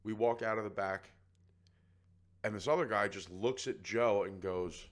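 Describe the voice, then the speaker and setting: A man's voice: fairly low pitch, measured pace, long pauses. A man co-hosting a podcast, telling a story in casual chat and acting out other people's voices. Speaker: podcast co-host.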